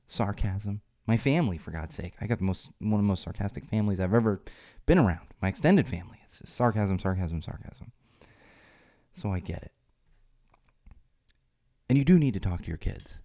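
A man's voice: lowish voice, expressive, normal speed, mellow, no echo. A man hosting a solo podcast, talking in a rambling way with restarts and fillers, and getting more emphatic when he stresses a point. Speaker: podcast host.

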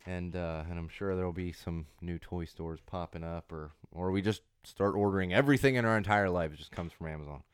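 A man in his thirties with a hoarse voice from a cold, hosting a podcast in a casual, rambling monologue with lots of restarts and emphatic repeats. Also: sits low, fairly quick, hardly any pauses, no room sound, studio quality. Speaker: podcast host.

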